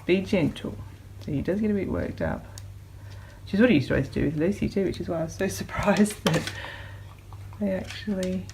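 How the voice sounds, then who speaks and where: A woman vlogging at home, talking gently to her dog and rabbits in a coaxing voice that often rises into a soft high baby voice. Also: vocal fry, slight background noise. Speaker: pet vlogger. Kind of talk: casual vlog talk to pets. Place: home room with pets.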